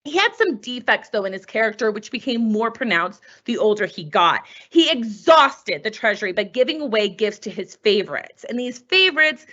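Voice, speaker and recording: A woman teaching a history lesson over slides, chatty and full of rhetorical questions. Her voice is bright and sits a little high. It swings up and down a lot, and the audio is dull and lo-fi. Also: very animated, normal speed, hardly any pauses.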